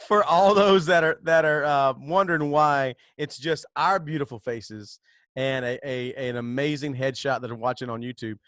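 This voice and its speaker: A man's voice: mid-range voice, normal speed, a bit bright, no echo, studio quality. A man hosting a casual podcast chat, rambling with many fillers and restarts and laughing often. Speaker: podcast host.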